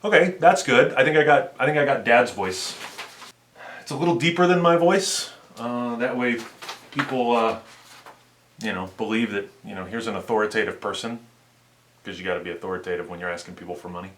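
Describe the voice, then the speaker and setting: A man's voice: lowish voice, brisk, a bit bright, a little hiss or hum. A man in his thirties, chatting casually in a vlog as he explains his plans. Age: 30s. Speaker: vlogger.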